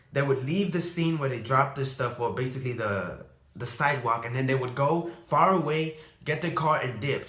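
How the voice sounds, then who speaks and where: A man's voice: on the high side, a bit bright. A young man telling a story to the camera in a rambling, emotional way with many fillers. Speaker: vlogger. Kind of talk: casual storytime. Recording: echoey room.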